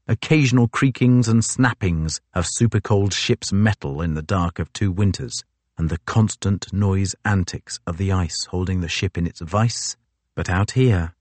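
A man narrates a novel as an audiobook, his delivery measured and even. His voice sits low, and there's no echo.

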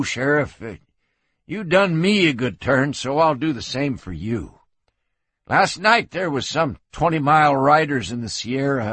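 A man voicing a hoarse town drunk in a western audiobook, jittery and wheedling. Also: mid-range voice, a bit bright, no room sound.

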